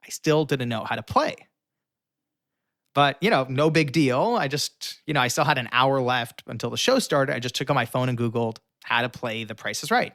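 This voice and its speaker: A young man, a guest in an interview, telling a story with lively animation and acting out the lines of the people in it. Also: medium pitch, moderate pace, no echo, clean studio sound.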